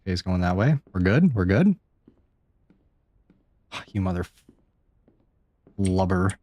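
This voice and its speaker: A man streaming a horror game live, reacting out loud, swearing and chatting to viewers. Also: sits low, sing-song, measured pace, no echo. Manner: jumpy, swears often, chats to viewers. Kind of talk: live gameplay commentary.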